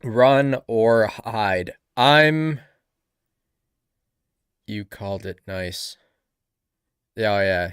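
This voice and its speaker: A man's voice: fairly low pitch, drawn-out words, pauses often, fairly bright tone, clear, resonant tone, dry recording, studio quality. A man streaming a live reaction, talking casually and rambling with frequent backtracking.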